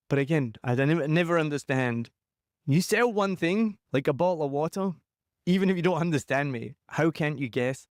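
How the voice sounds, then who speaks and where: A man's voice: a little high, lively intonation, normal speed, no echo. Scottish man, podcast host, chatty, self-mocking, dry close-miked sound. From Scotland. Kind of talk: casual interview chat.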